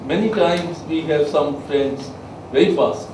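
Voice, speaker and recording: A man giving a soft skills lecture to a class, emphatic and quizzing his listeners. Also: a little high, measured pace, a little hiss or hum. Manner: emphatic, asks the class questions. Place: training room with a class. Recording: echoey room, mic far off.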